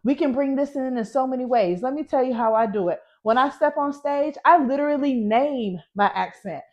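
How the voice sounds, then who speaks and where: A Southern American woman in her thirties coaches public speaking with a slightly high, emphatic voice. She teaches with folksy energy, hammering her key points through repetition. The recording is dull and lo-fi. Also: normal speed, a little mellow. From Southern United States. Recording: muffled, lo-fi recording.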